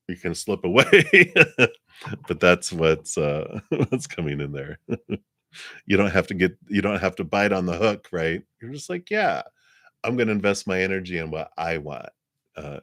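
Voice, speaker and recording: A man hosting a live psychic reading stream, talking in a rambling, gentle way with frequent laughs and fillers. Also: sits low, no room sound, clean studio sound. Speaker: psychic reader.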